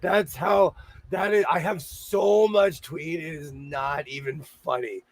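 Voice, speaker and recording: High raspy Minnesotan man, playful. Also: steady tone, takes it slowly, no room sound. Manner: playful, laughing, bursts of loud exclamations. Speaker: sewing channel host. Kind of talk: casual livestream chat.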